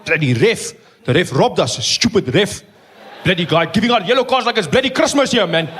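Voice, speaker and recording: A man's voice: high-pitched, lively intonation, a little fast. A man doing a grumpy rugby fan. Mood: grumbling. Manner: blustering, cursing the referee. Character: grumpy adult male rugby fan, bitter. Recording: noisy live stage recording.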